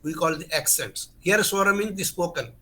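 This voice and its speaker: A male teacher lectures earnestly and with emphasis. His voice is bright and slightly high, and he restarts phrases and repeats key terms as he works through each point. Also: normal speed. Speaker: Sanskrit grammar teacher. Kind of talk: online lecture.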